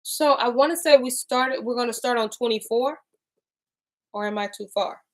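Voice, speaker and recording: A woman hosting a casual discussion, reading scripture slowly and deliberately and chatting between passages. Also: fairly high pitch. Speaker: host.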